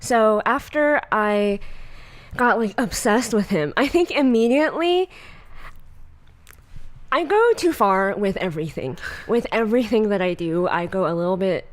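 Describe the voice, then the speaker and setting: A woman's voice: medium pitch, expressive, a little slow. A young woman from California with a Valley Girl accent, hosting a podcast in casual, chatty talk, often laughing and using fillers. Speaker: podcast host. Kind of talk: casual chat.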